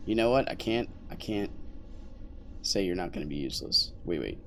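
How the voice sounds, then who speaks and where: Gravelly low-voiced man streaming a game. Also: lively intonation, moderate pace, fairly bright tone, slight background noise. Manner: rambling, jokey, talks to chat and teammates. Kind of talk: casual gameplay commentary.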